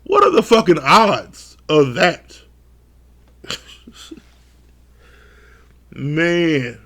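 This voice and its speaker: Talking extremely slowly with long pauses, a man whose voice runs on the high side reviews a reality dating show. His commentary is casual and profane, and he laughs often as he animatedly re-enacts what the cast said.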